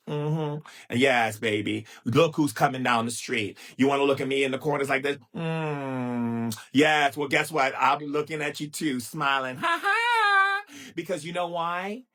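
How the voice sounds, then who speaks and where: A man giving a live spiritual talk, playful and theatrical, with sudden jumps in pitch and drawn-out chanted phrases. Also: fairly bright tone. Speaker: spiritual teacher.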